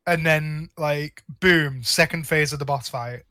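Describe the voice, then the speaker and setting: A man's voice: fairly high pitch, unhurried, sharp tone, no room sound. A man co-hosting a casual film review podcast, blunt and sarcastic, with frequent swearing. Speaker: podcast co-host.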